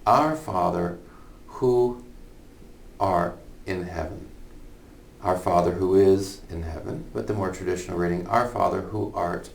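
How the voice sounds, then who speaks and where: A man's voice: low-pitched, fairly even intonation, a little slow, gravelly, long pauses. A man teaching a college humanities lesson in an informal online lecture, thinking aloud with fillers and repeated phrases. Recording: echoey room, somewhat far from the mic, faint noise.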